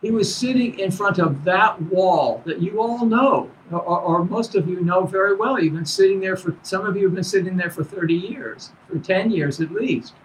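A man teaching as a Zen teacher, giving a dharma talk to students in a halting, conversational way full of restarts. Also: high voice, a little hiss or hum, low-quality recording.

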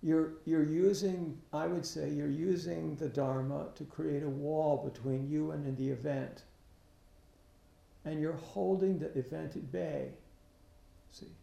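Slow creaky-voiced guy giving a buddhist talk, lots of stops and restarts, echoey room. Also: on the high side, steady tone, mellow. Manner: halting, many restarts, asks rhetorical questions. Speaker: Buddhist teacher. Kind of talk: dharma talk.

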